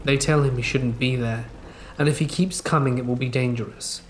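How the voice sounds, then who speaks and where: Male horror story narrator, mid pitch, steady and measured, soft rain behind. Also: a little hiss or hum. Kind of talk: scripted narration. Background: faint rain ambience.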